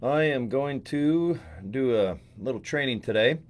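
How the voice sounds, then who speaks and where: Guy goofing around before going live, rambly, crude jokes, medium pitch voice. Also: measured pace. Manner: joking, rambling, crude humor. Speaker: live-stream host. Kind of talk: casual live-stream chat.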